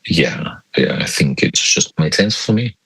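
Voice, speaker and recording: A man as a podcast guest, chatting casually in a joking, halting way with many restarts. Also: very deep voice, expressive, creaky, fairly bright tone, breathy edge, no echo, low-quality recording. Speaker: guest guitarist. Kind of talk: casual interview chat.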